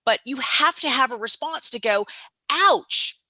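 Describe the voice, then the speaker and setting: A woman's voice: fairly high pitch, normal speed, bright, forceful tone, no echo. A woman entrepreneur speaking as an interview guest, emphatic, often checking in with "right?" and acting out both sides of conversations. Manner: emphatic, tags points with "right?"; acts out both sides of dialogues. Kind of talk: motivational interview talk.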